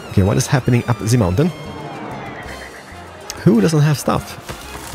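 A man's voice: medium pitch, measured pace, gravelly, pauses often, over music. Playful man commentating a game. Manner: playful, excitable, jokey asides. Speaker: gameplay video host.

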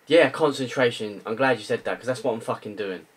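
A young gaming video creator rants in frustration over his gameplay, swearing and repeating himself. His voice sits in the mid range and moves a little fast, with faint music in the background.

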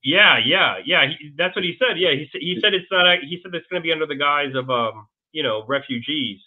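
A man being interviewed as a guest, telling a long story in a rambling, halting way with many restarts. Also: on the high side. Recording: tinny phone-like line.

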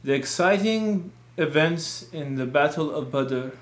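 A solemn, long-winded preacher, as a man puts him on draws out every phrase in a slow drone. The voice sits fairly high, and a roomy echo hangs behind it. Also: animated. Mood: droning. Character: long-winded male mosque preacher, droning.

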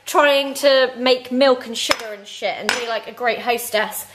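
A woman's voice: fairly high pitch, a little slow, a crowd in the background. A young woman vlogging in a giggly, chatty way. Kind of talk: casual vlog chat. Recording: noisy handheld vlog audio.

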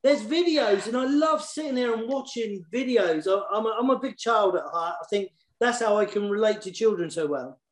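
A man's voice: high-pitched, animated, brisk, few pauses, reverberant. A man, a children's poet and author, talking casually and eagerly in an online session, often repeating words as he goes. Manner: warm and enthusiastic, repeats words while searching for them.

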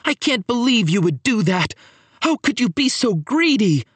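A man's voice: on the high side, big pitch swings, moderate pace, no room sound, pitched above the performer's own voice. Man voicing an earnest, passionate boy.

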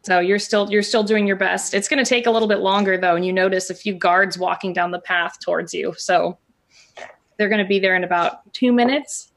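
A woman's voice: mid-range voice, fairly even intonation, brisk. A woman narrating a tabletop game as dungeon master in a playful way, laughing often.

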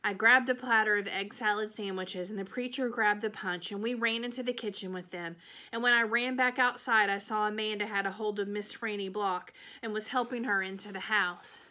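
A woman's voice: medium pitch, normal speed. A woman teacher reading the last chapter of a children's novel aloud, telling it expressively. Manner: expressive storytelling, changing voices for characters.

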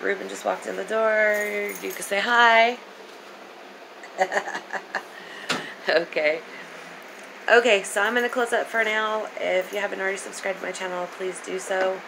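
Halting woman vlogger, slightly stuffy. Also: mid-range voice, creaky. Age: 40s. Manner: halting, many ums and pauses. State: slightly stuffy from a sinus infection. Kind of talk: casual chat to camera. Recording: steady background noise.

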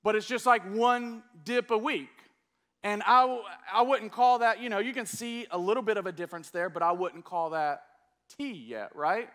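A male pastor teaching a sermon to a church congregation. His voice sits high and rings bright and forceful. He talks with energy, coaxing the room to respond and join in. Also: moderate pace. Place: church service before a congregation.

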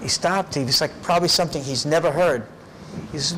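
A man in his fifties, an interview guest, tells animated stories from his life in a fairly high voice. He keeps checking in with a quick "right?", and a faint hum of room noise sits behind him. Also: rough recording. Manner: lively, tags phrases with "right?". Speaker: interview guest, karate teacher. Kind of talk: animated personal storytelling. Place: karate gym.

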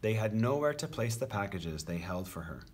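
A man reads a children's picture book aloud in an expressive, animated storytelling voice. His tone is slightly husky and his pitch rises and falls freely. He sounds like a teacher sharing a story. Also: normal speed.

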